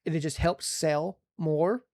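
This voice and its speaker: A man co-hosting a casual podcast, reviewing a movie in an excited, rambling way with lots of restarts. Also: on the high side, unhurried. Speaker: podcast co-host.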